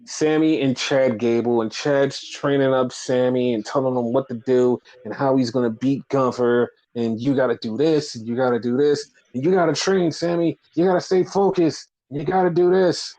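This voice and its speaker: A podcast co-host recaps wrestling in a casual chat, rambling with lots of fillers and acting out quotes. His medium-pitched voice is steady and dark-toned, at normal speed with few pauses, on slightly dull lo-fi audio.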